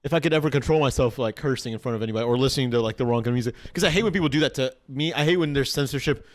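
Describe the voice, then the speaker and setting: A man's voice: medium pitch, very fast. A young adult man co-hosting a podcast, telling rambling stories in casual chat and saying "like" a lot. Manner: rambling storyteller, heavy use of "like". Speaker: podcast co-host.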